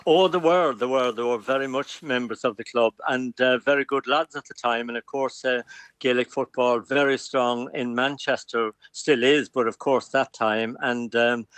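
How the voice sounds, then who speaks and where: An older man with a Galway accent calls in by phone. His voice sits at a medium pitch with a dry, close sound. He tells long stories and rambles with plenty of fillers. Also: smooth, no echo. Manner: warm storyteller, rambling with fillers. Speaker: phone-in guest, club president. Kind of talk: telephone interview. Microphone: phone line.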